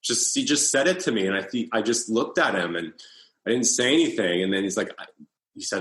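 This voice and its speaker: A man in his thirties speaks as an interview guest, telling his own story in a halting, restarting way. His voice sits fairly low. The recording carries a noticeable roomy echo. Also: lively intonation, fairly bright tone. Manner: halting, with many restarts and fillers. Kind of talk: personal storytelling in conversation.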